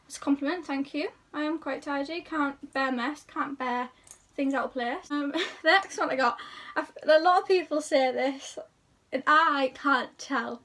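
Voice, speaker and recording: A woman's voice: high voice, a little slow, fairly bright tone, recorded from a distance. A young woman chatting to camera in a rambling, self-deprecating way, talking casually about herself. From England. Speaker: YouTuber.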